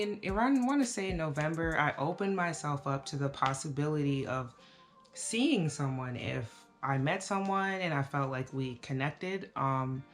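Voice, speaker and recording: Low-voiced woman vlogger, reflective. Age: 30s. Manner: relaxed, reflective, with frequent fillers. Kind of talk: casual life update vlog.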